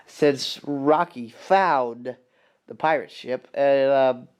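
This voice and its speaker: A man casually recapping a film he loves, rambling and excited, with many fillers and restarts. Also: medium pitch, slow, smooth.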